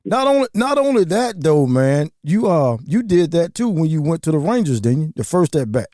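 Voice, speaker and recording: A man's voice: fairly high pitch, very animated, moderate pace, warm tone, no echo, studio quality. A man hosting a podcast interview, eagerly prompting his guest in casual chat. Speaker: podcast host.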